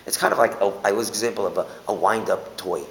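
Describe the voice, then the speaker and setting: A man giving a Torah class, animated, asking rhetorical questions and restating his points to the room. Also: lowish voice, fast. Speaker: Torah teacher. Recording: echoey hall with faint hiss.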